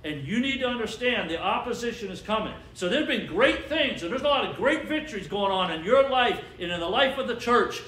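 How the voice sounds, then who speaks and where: Pastor, man, high voice, emphatic call-and-response preaching, roomy church sound. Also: lively intonation, fairly quick, hardly any pauses, a bit bright. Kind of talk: sermon. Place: church sanctuary. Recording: echoey church with faint ambience.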